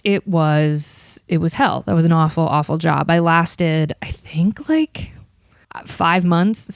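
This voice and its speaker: A woman in her thirties, host of a podcast, chatting casually about her past while being interviewed, self-mocking and quick to quote herself. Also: fairly low pitch, darkish tone, clean tone, no room sound, clean studio sound. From Ohio.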